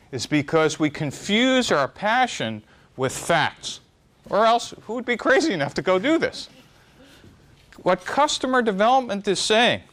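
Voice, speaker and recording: Wry, high-voiced man giving a lecture. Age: middle-aged. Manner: wry, self-deprecating, animated pitch swings. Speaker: speaker giving a startup talk. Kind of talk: live lecture to an audience.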